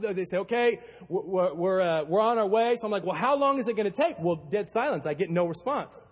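A male pastor preaching a sermon, telling a story with animated delivery and acting out panicked quotes. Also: high voice, fairly quick, few pauses, breathy edge. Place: church auditorium. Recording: long hall reverb.

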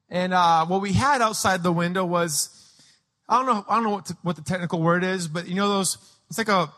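A high-voiced man preaching from the pulpit, his bright, ringing tone carrying through a large hall with a long reverb tail. He tells childhood stories with animated energy, breaking into shouted voices of the people in them. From Peru. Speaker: pastor. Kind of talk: sermon with personal storytelling.

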